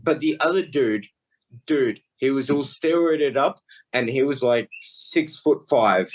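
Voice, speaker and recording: A man's voice: medium pitch, measured pace, poor audio. A man guesting on a podcast as a wrestler, chatting casually and telling stories that trail off and restart. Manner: storyteller who trails off and restarts.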